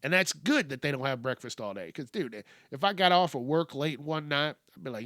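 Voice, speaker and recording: A man's voice: on the high side, animated, a little fast, few pauses, fairly bright tone, no room sound, studio quality. A man hosting a solo show, ranting bluntly and swearing a lot. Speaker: podcast host.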